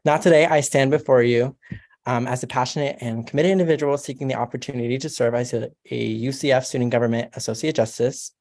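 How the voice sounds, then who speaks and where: A man's voice: mid-range voice, steady tone, a little mellow. A young man, a college sophomore, giving a prepared, earnest speech as a candidate for a student court seat. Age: young adult. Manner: formal, measured and earnest.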